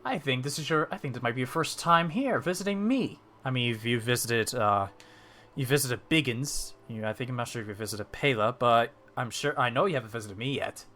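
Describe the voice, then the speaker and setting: A man's voice: mid-range voice, brisk, bright, forceful tone, lightly acted. A man voicing a chatty, curious male merchant tailor in a tabletop game, who rambles and muses aloud. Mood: welcoming.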